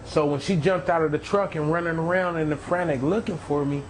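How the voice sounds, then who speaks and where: A man's voice: on the high side, fairly even intonation, brisk, slight background noise, poor audio. A man earnestly telling his personal testimony, repeating phrases and acting out the voices of the people in his story. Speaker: testimony speaker.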